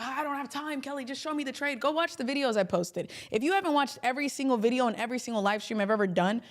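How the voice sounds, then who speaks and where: A young woman hosting a trading livestream, talking in a chatty, emphatic and animated way. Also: a little high. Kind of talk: casual livestream talk.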